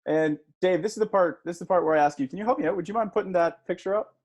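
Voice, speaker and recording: A man's voice: high voice, rapid-fire, darkish tone. A man giving a guest talk to a class, telling a story conversationally and asking the audience for shows of hands. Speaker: guest speaker.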